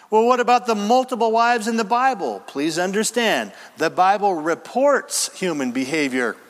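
A man preaching an emphatic sermon, working verse by verse with quick asides. His voice sits high and swings widely in pitch. Long reverb fills the space of a church sanctuary. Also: fairly bright tone. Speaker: pastor. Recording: reverberant hall.

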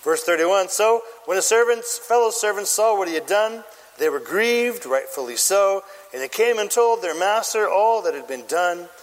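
Male pastor, high and lively sermon delivery, plays all the parts, hall reverb. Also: moderate pace. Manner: animated storytelling, acting out voices and shouting lines.

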